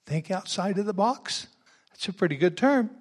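A man preaching a sermon and reading scripture verse by verse, moving from quiet, chatty asides to loud, exuberant exclamations. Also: sits high, animated, normal speed.

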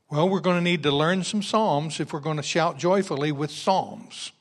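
A man preaching a sermon and reading scripture verse by verse, moving from quiet, chatty asides to loud, exuberant exclamations. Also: fairly high pitch, moderate pace, few pauses.

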